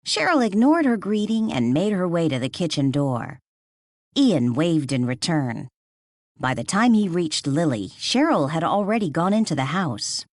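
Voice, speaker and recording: A woman narrating an audiobook with expressive storytelling. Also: deep voice, normal speed, dry recording, studio quality. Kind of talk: scripted narration.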